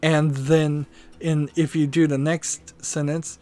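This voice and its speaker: Give me a man thinking aloud in a slow, meandering gaming commentary. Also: fairly high pitch, flat delivery, mellow, soft background music. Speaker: gaming video host. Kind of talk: rambling commentary while playing.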